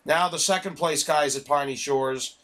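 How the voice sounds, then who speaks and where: A man chatting casually with a friend while playing a video game, telling an animated story full of swearing. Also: fairly high pitch, normal speed. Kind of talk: casual chat.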